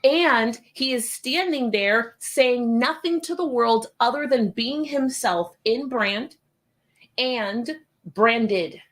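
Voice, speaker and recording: A middle-aged woman giving a motivational business talk, telling stories animatedly and acting out other people's voices. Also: slow pace. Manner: animated storytelling, acts out other voices in high pitch. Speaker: business coach.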